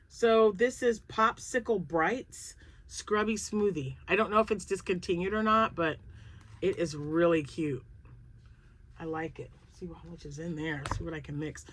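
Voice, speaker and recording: Slow-talking, excitable woman unboxing yarn. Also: on the low side. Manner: chatty, excitable, thinks aloud. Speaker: crochet channel host. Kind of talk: casual yarn unboxing chat.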